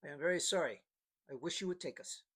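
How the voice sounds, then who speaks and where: A man's voice: fairly high pitch, fast, bright, forceful tone, slightly rough. A man voicing a polite young male businessman who talks in a persuasive, coaxing way.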